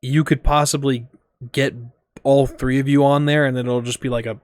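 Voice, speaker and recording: A man narrating as game master, relaxed and full of ums and restarts. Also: medium pitch, moderate pace, no echo. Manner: loose, filler-heavy narration with frequent ums.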